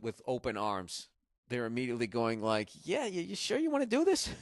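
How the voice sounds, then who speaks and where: A man's voice: mid-range voice, a bit bright, smooth, dry recording, clean studio sound. A man from Massachusetts hosting a solo podcast, rambling in a profane, sarcastic way. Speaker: podcast host.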